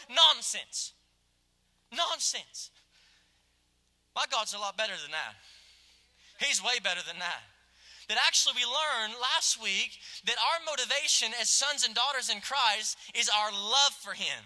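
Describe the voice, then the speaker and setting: A male pastor preaching a passionate sermon, swinging from loud exclamations to hushed, quiet asides. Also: extremely high pitch, expressive, unhurried. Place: church sanctuary. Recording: long hall reverb.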